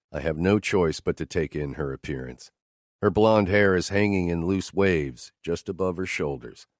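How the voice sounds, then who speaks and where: A man's voice: low-pitched, no room sound, studio quality. A man reading a romance novel aloud in first person, with a terse, firm, cold delivery. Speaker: audiobook narrator. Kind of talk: scripted first-person narration.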